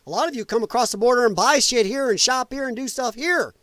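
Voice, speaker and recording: A high-pitched man rants through a political stream in a dry, close recording. He is profane and sarcastic, and he mocks the people he argues with in whiny put-on voices. The tone stays combative throughout. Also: fast talker, fairly bright tone, no echo. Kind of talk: casual ranting commentary.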